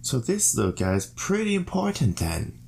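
A man narrating his character's actions in a tabletop game, in a halting delivery full of fillers. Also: medium pitch, huge pitch swings, gravelly, a little mellow, faint music behind. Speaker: player.

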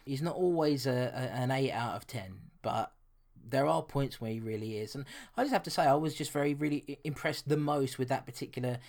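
A man co-hosting a film podcast, his voice sitting in an ordinary middle register. He chats loosely about a movie, often pausing and restarting his sentences. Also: mid-range voice, darkish tone. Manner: chatty, hesitant, many restarts. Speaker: podcast co-host. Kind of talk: casual film review chat.

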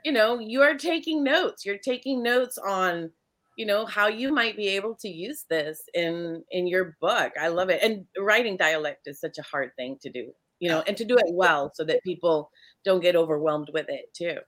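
A woman writer hosting a podcast, chatting enthusiastically and warmly affirming her guests. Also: on the low side, normal speed. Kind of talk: casual chat.

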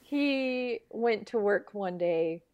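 A young woman co-hosts a podcast in casual chat, sounding agreeable and talkative and sprinkling in plenty of "like" and "you know." Her medium-pitched voice is smooth, a little mellow and expressive, and she talks slowly.

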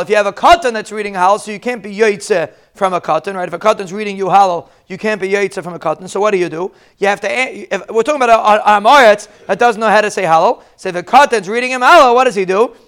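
A man's voice: high-pitched, fast, hardly any pauses, a bit bright, clear, resonant tone. A man giving a daily Talmud lesson, explaining step by step and repeating key lines. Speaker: Talmud teacher.

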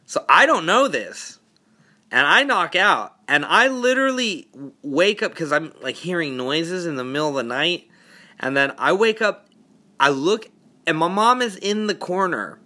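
Bright-voiced man telling stories casually. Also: a little high, animated, unhurried. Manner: profane, laughing, laid-back. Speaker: podcast host. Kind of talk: casual storytelling.

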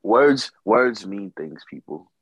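A man's voice: fairly low pitch, expressive, slow pace, slightly rough, no room sound, rough recording. A man co-hosting a podcast, chatting casually and making wry jokes. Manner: joking, wry commentary. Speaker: podcast co-host. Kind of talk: casual chat.

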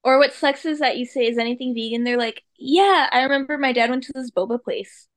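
Woman, high voice, podcast guest, casual chat, laid-back, mocking impressions. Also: steady tone, fast talker. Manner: laid-back, acts out quoted people in a mocking tone.

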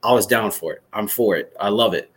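A man in his thirties from Michigan, a former soldier, telling a story as a podcast guest in an animated, excited way, swearing freely. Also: fairly low pitch, fairly quick, slightly rough. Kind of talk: casual storytelling interview.

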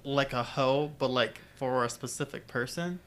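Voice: mid-range voice, normal speed. A young adult podcast co-host chatting casually and playfully, laughing often. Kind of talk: casual chat.

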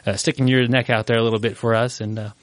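A man co-hosting a podcast in a relaxed, chatty way, teasing his partner. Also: medium pitch, fast, dry recording. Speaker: podcast co-host. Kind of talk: casual podcast chat.

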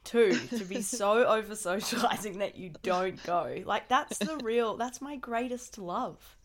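A woman's voice: medium pitch, measured pace, crowd noise. A young woman, chatting casually as a podcast co-host with wry, joking asides. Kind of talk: casual chat.

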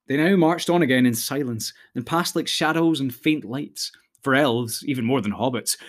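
A man narrating a fantasy novel in a measured, steady storytelling voice. His pitch sits in an ordinary middle range, and he keeps a calm, even pace through long descriptive passages. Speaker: audiobook narrator. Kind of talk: scripted narration.

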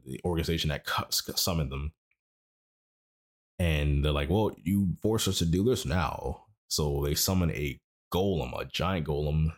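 A man casually recapping an anime episode, rambling and correcting himself as he goes. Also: very deep voice. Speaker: anime podcast host.

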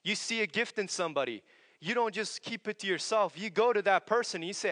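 Earnest young preacher in a reverberant hall. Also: male voice, sits high, animated, a little fast. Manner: earnest, conversational, drops to a hushed voice for stories. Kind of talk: sermon.

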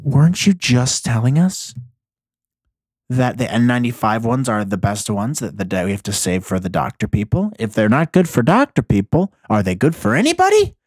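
A man's voice: mid-range voice, lively intonation, normal speed, a little mellow, breathy edge, no room sound, clean studio sound. A man hosting a casual solo podcast, ranting about the news with heavy profanity and rambling restarts. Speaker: podcast host.

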